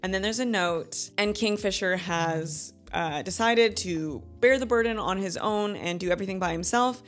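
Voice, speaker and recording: A woman in her thirties hosting a book club review in a chatty, animated way, laughing often and acting out quotes. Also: mid-range voice, moderate pace, faint music behind. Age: 30s. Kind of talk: casual book review chat.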